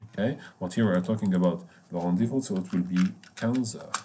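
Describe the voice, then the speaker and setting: A man teaches French through English, his deep, mellow voice carrying the lesson. He repeats each word and stops to explain with the odd filler. Faint keyboard typing sits behind him. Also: brisk, a little hiss or hum. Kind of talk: bilingual language lesson.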